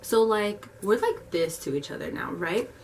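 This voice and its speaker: A woman's voice: medium pitch, recorded from a distance, slight background noise. A young woman animatedly telling a story in casual, slangy speech. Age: young adult. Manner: animated, slangy, fast retelling.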